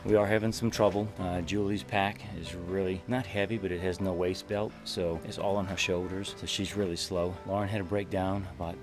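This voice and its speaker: Middle-aged man, very low voice, matter-of-fact campground update, music clearly in the background. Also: level tone, a little fast, few pauses. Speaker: hiker, the vlogger's father. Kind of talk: casual on-camera update. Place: outdoors at a canyon campground.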